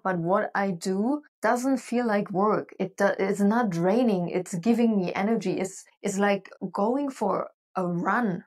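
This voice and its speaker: A middle-aged woman hosting a solo podcast, talking in a chatty, animated way. Her pitch sits in a middle range. She tells her stories with plenty of "like" and "you know" fillers. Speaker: podcast host and business coach.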